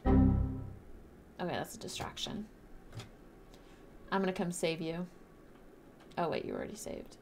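A young woman streaming a game live, chatting bubbly with her viewers and teammates and bursting into loud shrieks. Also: on the low side, wildly swooping pitch, measured pace, creaky, long pauses, soft background music. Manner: talks to chat and teammates while playing.

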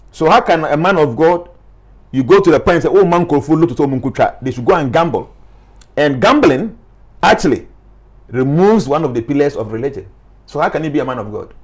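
A man with a Ghanaian accent, speaking as a life coach in an animated interview and mixing English with Twi phrases. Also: a little high.

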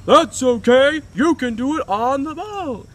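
A cheerful sitcom father chirps along, as a man puts him on. His high, bright voice bounces with exaggerated cheer. It is played broadly for laughs. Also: expressive, measured pace, full character voice. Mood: chirpy. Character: cheerful sitcom-style dad, upbeat.

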